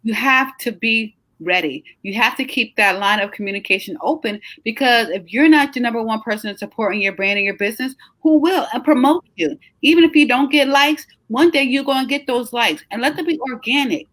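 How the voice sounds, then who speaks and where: A woman's voice: on the high side, fairly quick, hardly any pauses, a bit bright, no room sound. A middle-aged woman runs a casual live chat in a chatty, encouraging way, stretching words for emphasis. She sounds tired. Her voice is dry and close, with no room around it. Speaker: host, travel agency owner.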